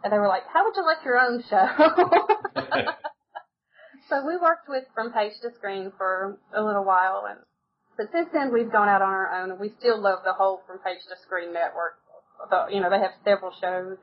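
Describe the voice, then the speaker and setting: A woman's voice: mid-range voice, normal speed, dull audio, a little hiss or hum. Chatty woman storyteller. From United States. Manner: chatty, storytelling, laughs often. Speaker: author and podcast guest. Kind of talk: casual interview chat.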